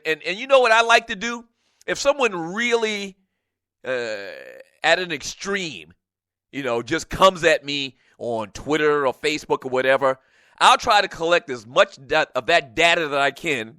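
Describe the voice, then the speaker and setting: A middle-aged man hosting a sports talk radio show, venting in an animated way and laughing often. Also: a little high, clean tone, no echo.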